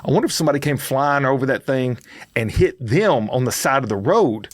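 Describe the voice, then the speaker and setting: A middle-aged man, co-hosting a podcast and telling a story in a casual, animated way that builds to loud outbursts. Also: medium pitch, brisk, no room sound, clean studio sound. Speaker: podcast co-host.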